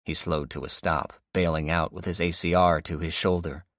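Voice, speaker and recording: With a deep voice at normal speed, a man narrates an audiobook from a script, keeping his storytelling steady and even. There's no room sound; the studio audio is clean.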